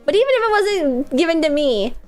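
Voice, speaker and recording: A woman's voice: sits high, big pitch swings, a little fast, faint music behind. A woman streamer chatting casually with a stuffy, congested nose, rambling and laughing often. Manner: rambling, filler-heavy, frequent laughs.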